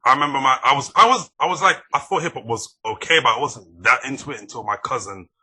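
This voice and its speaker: A man's voice: medium pitch, fast talker, sharp tone, slightly rough. A man from the UK talking casually as a podcast host, chatty and anecdotal, with plenty of "like". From United Kingdom. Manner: chatty and anecdotal, leans on the filler "like". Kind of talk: casual conversation.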